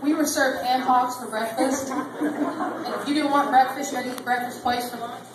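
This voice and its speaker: A woman's voice: sits high, fairly even intonation, normal speed, a crowd in the background. A woman in her thirties doing a rambling, self-deprecating stand-up set on a comedy club stage. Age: 30s. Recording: distant mic in an echoey club. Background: audience laughter.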